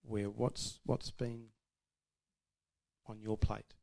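A man's voice: lowish voice, level tone, very slow, vocal fry, a little mellow. Man, chatty church talk, self-deprecating, often laughing. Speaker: speaker sharing about marriage. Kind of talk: informal testimony to a church audience.

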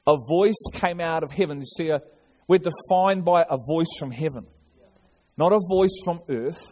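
Male pastor, fairly high voice, earnest sermon with restarts and repetition. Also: normal speed, a little mellow.

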